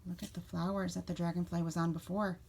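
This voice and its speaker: A woman teacher reading a picture book aloud to children, expressive and asking them questions along the way. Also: fairly low pitch, fast, creaky. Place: home.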